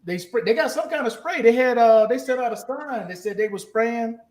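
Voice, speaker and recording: A man's voice: very high voice, lively intonation, moderate pace, a little mellow. A man hosting a casual podcast chat, blunt and skeptical, swearing freely. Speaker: podcast host.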